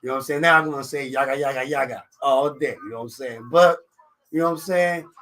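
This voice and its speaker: Here a fast-talking man with a fairly high, fairly bright voice hosts a live radio talk show in a studio. He's from Africa and has a French accent, and his casual chat is rambling, confident and jokey, with fillers like "you know what I'm saying" in nearly every line. The sound comes from a studio microphone.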